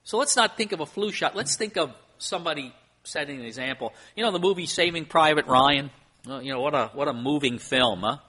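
A pastor delivering a sermon in church, his voice bright and forward. He preaches earnestly, with emphasis that rises and falls. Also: on the high side, expressive, a little fast, husky.

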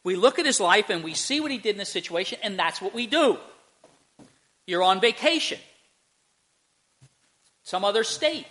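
A male pastor preaching a conversational sermon in church, halting with fillers and restarts and speaking directly to the children. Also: sits high, expressive, pushed and bright. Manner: addresses children in the congregation directly.

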